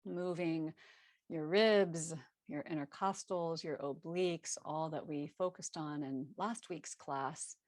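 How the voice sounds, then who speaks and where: Calm woman cueing a yoga class. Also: low voice, slow pace, no room sound. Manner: calm cueing with self-correcting laughs. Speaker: yoga teacher. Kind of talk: live online yoga class instruction. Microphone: video call.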